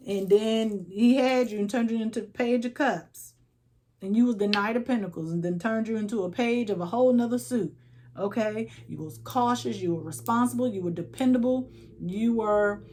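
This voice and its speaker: Tarot reader, woman, somewhat high voice, animated storyteller. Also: measured pace. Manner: animated storyteller, acting out voices, frequent "okay?". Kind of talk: casual tarot reading monologue.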